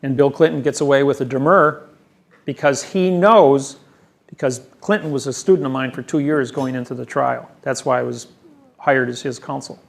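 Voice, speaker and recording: A man's voice: mid-range voice, fairly even intonation, moderate pace, vocal fry. A man giving a rambling seminar lecture, boastful and emphatic, sure of his own expertise. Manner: boastful, emphatic, self-assured. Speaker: seminar presenter. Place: seminar room.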